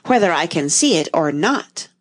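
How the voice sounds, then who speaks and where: A woman voicing a boastful, excitable little fat man, eager and shrill. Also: moderate pace. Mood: excited. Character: excitable boastful boy twin Tweedledum.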